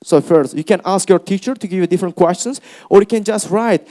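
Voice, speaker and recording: A young man with an Uzbek accent teaching a speaking workshop to a class, lively and encouraging, often calling them guys. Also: high voice, a little fast, few pauses. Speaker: English teacher. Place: classroom with students.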